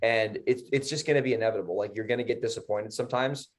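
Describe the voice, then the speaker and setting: A man's voice: on the low side, quick pace. A man co-hosting a podcast, telling a story in a heated, profane way and acting out both sides. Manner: heated, profane, mimicking others. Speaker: podcast co-host. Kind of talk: casual storytelling.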